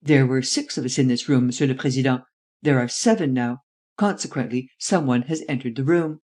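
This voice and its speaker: A reader voicing a calm, shrewd male chief detective who speaks in a measured, formal and precise way. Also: medium pitch, natural voice. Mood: cool.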